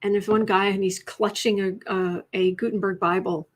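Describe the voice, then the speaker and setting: A woman giving a casual tarot reading, chatty, breaking off now and then to coo and whisper softly to her cat. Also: medium pitch, flat delivery, normal speed. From United States. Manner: chatty, drops to soft coos and whispers talking to her cat. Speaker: tarot reader.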